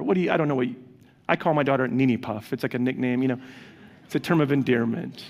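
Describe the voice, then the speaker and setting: A man's voice: medium pitch, fast, gravelly, a little mellow. A man preaching a sermon as a pastor, speaking earnestly and conversationally to his congregation. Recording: long reverb of a large hall.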